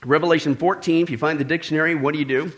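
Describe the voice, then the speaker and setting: A man preaching a sermon to a congregation, emphatic and animated, with joking asides and repeated warnings. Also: a little high, rapid-fire.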